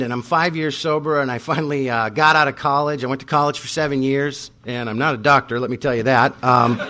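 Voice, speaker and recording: Man, 30s, recovery-meeting speaker; bright tone, wry self-mocking storyteller. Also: medium pitch. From North Dakota. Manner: self-mocking, comic timing, acts out both sides of arguments. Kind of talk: storytelling talk to a live audience.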